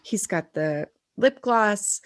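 A woman's voice: medium pitch, expressive, takes it slowly, no echo, studio quality. A woman co-hosting a podcast over a video call, telling stories in casual chat and talking around a dental retainer. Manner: chatty storyteller, talks through a dental retainer. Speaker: podcast co-host.

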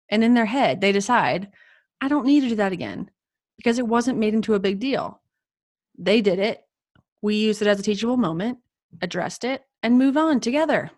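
Woman podcast co-host, teacher type, mid-pitched, enthusiastic and conversational. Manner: enthusiastic, acts out kind phrases to children.

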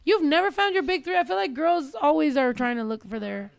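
A woman hosting a podcast, telling stories in a loud, animated way with plenty of cursing. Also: high-pitched, brisk, creaky. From Mexican-American family. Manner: loud, animated storytelling with profanity. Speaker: podcast host. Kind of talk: casual chat.

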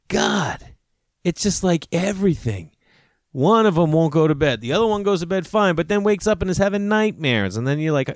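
Thirtysomething guy rambling and cussing, super lively pitch, dry close sound. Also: moderate pace, dry recording. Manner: profane, animated storytelling, acts out both sides of conversations. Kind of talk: casual rambling monologue.

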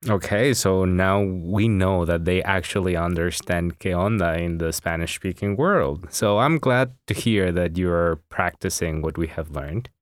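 A man with a very low, deep voice teaching on a language podcast, recorded dry and close. He explains grammar patiently and backs each point with simple examples. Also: measured pace, hardly any pauses, dry recording. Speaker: Spanish teacher and podcast co-host.

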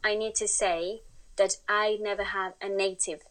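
Lively Spanish-accented woman telling a story. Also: mid-range voice, normal speed, poor audio. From Spain. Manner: animated, acts out quoted voices. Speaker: guest. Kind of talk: casual interview storytelling.

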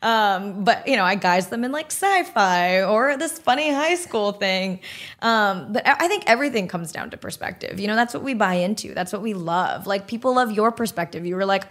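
A young woman talks as an interview guest, her voice sitting at a middle pitch. She tells stories earnestly and with energy, with plenty of casual fillers. The tone is candid and conversational. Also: moderate pace. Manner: earnest, animated storytelling with frequent "like".

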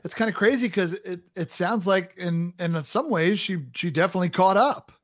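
A man's voice: high voice, normal speed, no echo. A man hosting a casual interview, easygoing and hesitant, with many small restarts. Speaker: podcast host.

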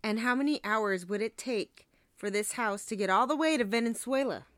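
A woman's voice: fairly high pitch, a bit bright, no room sound, clean studio sound. A woman in casual chat, picking holes in a film's plot with questions and short asides. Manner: questioning, quick asides and back-channel agreement.

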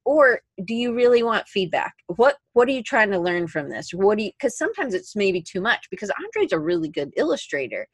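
A woman's voice: medium pitch, sing-song, moderate pace, few pauses, breathy edge, dry recording. A woman co-hosting a podcast in casual chat, rambling and correcting herself as she goes. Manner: rambling, self-correcting, chatty. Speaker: podcast co-host.

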